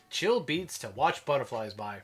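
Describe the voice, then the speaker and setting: A man's voice: mid-range voice, very animated, unhurried, a bit bright, soft background music. A man from Minnesota hosting a live stream, chatting casually in a rambling way that keeps breaking off and restarting. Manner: rambling, self-interrupting, chatty.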